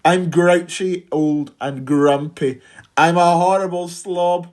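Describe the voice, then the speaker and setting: A woman's voice: on the low side, fairly even intonation, takes it slowly, darkish tone. A woman voicing a grouchy, grumpy old marabou stork that grumbles in rhyme about its looks.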